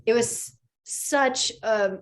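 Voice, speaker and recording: Talking extremely slowly in a slightly high voice, a thirtysomething actress chats as an interview guest. She's an enthusiastic storyteller who acts out quotes.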